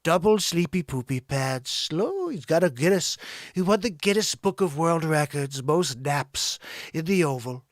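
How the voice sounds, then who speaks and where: A man hosting a show, riffing through an improvised comedy monologue, swinging between loud bursts and low mutters. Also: measured pace, dry recording. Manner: animated, jumps between shouting and muttering. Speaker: host.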